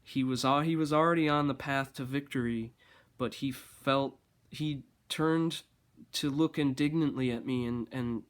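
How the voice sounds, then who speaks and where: Sarcastic man rambling in halting restarts. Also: medium pitch, steady tone. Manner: sarcastic, mock-grandiose, halting with many restarts. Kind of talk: casual rambling monologue.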